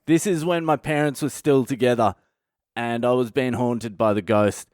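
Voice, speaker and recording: A man's voice: mid-range voice, steady tone, normal speed, darkish tone, no echo, studio quality. Swearing Australian man telling a story. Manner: swears constantly, blunt and conversational. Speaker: comedian and podcast host. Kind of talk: casual comic storytelling.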